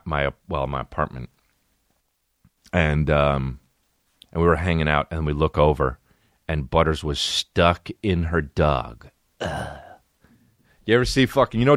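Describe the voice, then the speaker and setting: A young man hosting a podcast, telling rambling, profane stories in a casual comic way with animated bursts. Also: low-pitched, no echo, studio quality. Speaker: podcast host. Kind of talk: casual comedic storytelling.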